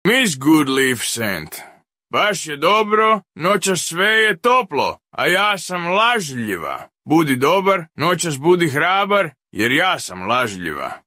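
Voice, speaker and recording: A man singing in a foreign language inside a video game, slow and drawn out. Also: fairly high pitch, very animated, pushed and bright, no echo, studio quality, heavily acted. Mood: sung. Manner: slow sung delivery.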